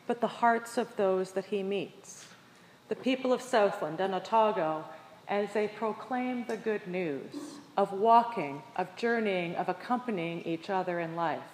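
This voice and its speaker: A woman delivering a sermon, telling a personal story with animated voices for the people in it. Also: medium pitch, slight background noise. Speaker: preacher. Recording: echoey hall with long reverb.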